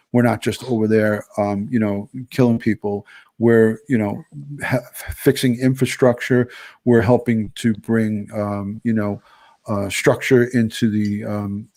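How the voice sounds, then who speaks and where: A man hosting a live stream, speaking haltingly with many fillers and restarts. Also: on the low side, warm tone, dry recording.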